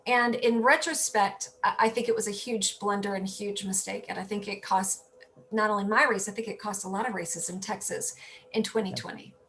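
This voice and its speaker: A woman who ran for office, talking as a guest in a casual interview, telling stories in an animated way and often correcting herself mid-sentence. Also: mid-range voice, normal speed, a little hiss or hum. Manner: animated storytelling, self-correcting. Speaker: political candidate, guest.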